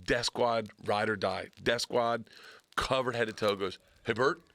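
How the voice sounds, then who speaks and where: A man's voice: medium pitch, a little slow, a bit bright, no room sound. A middle-aged man telling a story in a casual podcast chat, swearing freely and acting out the quotes. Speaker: comedian podcast guest.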